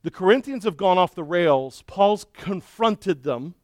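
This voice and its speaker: A middle-aged man preaching a sermon and telling a story with lively, acted-out shouting and cheering. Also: high voice, a little slow, no echo, studio quality. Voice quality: balding. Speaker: pastor.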